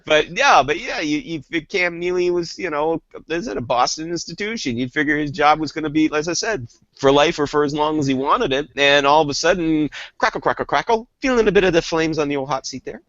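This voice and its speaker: A man's voice: fairly high pitch, a little fast, a bit bright, no room sound, lo-fi sound. A man co-hosting a hockey talk show, rambling in casual chat with lots of fillers and restarts.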